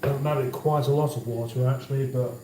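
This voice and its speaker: A man's voice: mid-range voice, fairly even intonation, fairly quick, background noise. A man hosting a cooking livestream from his home kitchen, chatting casually and reading viewer comments aloud with dry banter. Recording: roomy kitchen sound from a distance.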